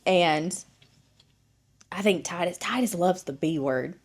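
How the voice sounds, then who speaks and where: A woman's voice: on the low side, slow. A woman in her thirties co-hosting a podcast, chatting casually and telling family stories with lots of acted-out quotes and cursing. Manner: animated storytelling, acts out quotes, swears freely. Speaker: podcast co-host. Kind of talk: casual chat.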